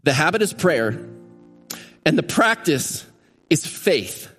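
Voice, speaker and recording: A man's voice: fairly high pitch, sing-song, slow, a bit bright, slightly rough, big-room sound, faint music behind. A male pastor preaching a sermon in a church, emphatic and repeating phrases for stress. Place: church sanctuary.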